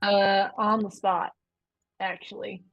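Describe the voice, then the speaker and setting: A woman's voice: mid-range voice, little pitch movement, slow, creaky, dry recording, highs cut off. A woman playing in a tabletop game, speaking in a matter-of-fact, practical way. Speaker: player. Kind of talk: casual chat.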